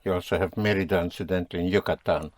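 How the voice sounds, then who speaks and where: A man's voice: sits low, steady tone, very fast, no room sound. A man teaching a language lesson, patiently quizzing his students and explaining rules. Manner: patient, drilling students with questions.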